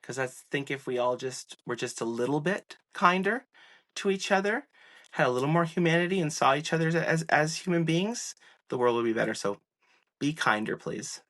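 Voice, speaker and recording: A man as a podcast guest, telling stories in a chatty, animated way and jumping high in pitch when he quotes people. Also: normal speed. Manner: chatty, many fillers and laughs. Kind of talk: casual interview storytelling.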